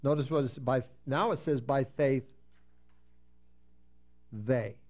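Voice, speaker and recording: A man's voice: mid-range voice, darkish tone. Man preaching, emphatic Bible teaching. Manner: reads scripture slowly with emphasis, then explains conversationally. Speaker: pastor.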